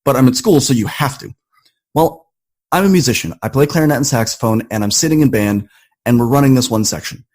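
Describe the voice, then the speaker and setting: A man guesting on a podcast, telling a personal story in an animated, conversational way. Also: mid-range voice, brisk.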